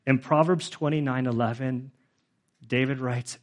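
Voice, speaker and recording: A man's voice: medium pitch, normal speed. A middle-aged male pastor giving a conversational sermon, with frequent fillers, who grows emotional as he goes.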